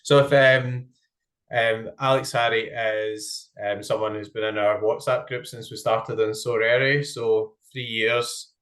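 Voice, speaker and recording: A man's voice: mid-range voice, steady tone, measured pace, fairly bright tone. A man hosting a casual chat with a friend, upbeat and laughing easily, with plenty of ums. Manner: chatty, laughs often, says um a lot. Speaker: host.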